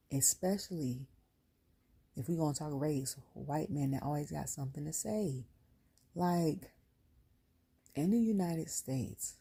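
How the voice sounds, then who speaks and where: A woman's voice: deep voice, husky. A woman, a parent, giving a casual, blunt, slangy rant as a wrestling show reviewer. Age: adult with a son. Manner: animated, blunt, slangy ranting. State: near tears. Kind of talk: casual ranting commentary.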